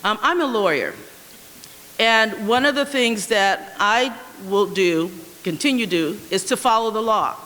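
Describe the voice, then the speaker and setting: Woman candidate, bright crisp voice, emphatic slogans, long hall reverb. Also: mid-range voice, animated, unhurried. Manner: firm, emphatic, repetitive slogans. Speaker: mayoral candidate. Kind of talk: candidate forum answers and closing statement. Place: school auditorium.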